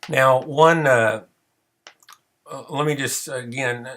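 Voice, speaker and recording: A man's voice: medium pitch, fairly even intonation, slow pace, fairly bright tone. A middle-aged man who is losing his voice, talking in a chatty, rambling way with many fillers as he leads an online training session. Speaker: counseling supervision trainer. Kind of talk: casual online training webinar.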